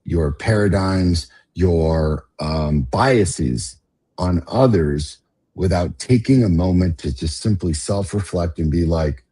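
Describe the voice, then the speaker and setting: A man's voice: deep voice, slow, mellow, husky. A middle-aged man hosting a podcast, talking in a passionate, profane rant that builds to emphatic outbursts. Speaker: podcast host.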